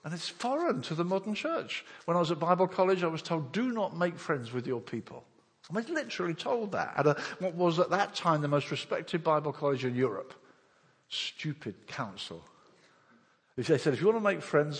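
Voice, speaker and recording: Animated male preacher in a reverberant hall. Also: on the high side. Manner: animated preaching, swinging from loud to hushed. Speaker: pastor. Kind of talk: sermon. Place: church hall.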